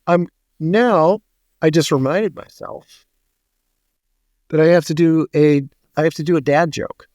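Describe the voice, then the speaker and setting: A man's voice: fairly high pitch, darkish tone, no echo, clean studio sound. Joking man hosting a casual podcast. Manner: jokey, storytelling, quick asides and dad jokes. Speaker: podcast co-host. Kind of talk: casual chat.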